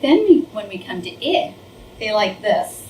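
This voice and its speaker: A woman teacher leads a listening drill and prompts the group to repeat words after her. She praises each answer before going on. The recording is distant and roomy, with clear background noise. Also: medium pitch, very animated, unhurried. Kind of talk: classroom demonstration.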